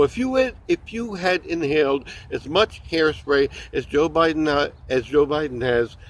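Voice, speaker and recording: A man doing a rambling comedy monologue, full of stammered restarts and jokey asides. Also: on the high side.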